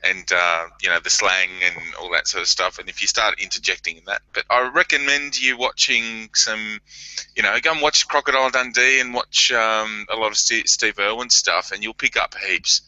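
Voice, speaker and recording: A man's voice: on the low side, steady tone, normal speed, sharp tone, no echo. An Australian man in a casual group chat, joking, swearing and laughing a lot. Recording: dull lo-fi sound.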